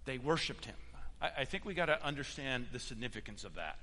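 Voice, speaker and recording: A man preaching a sermon as pastor, emphatic, swinging between loud declarations and hushed stretches. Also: mid-range voice, expressive, a little fast, big-room sound.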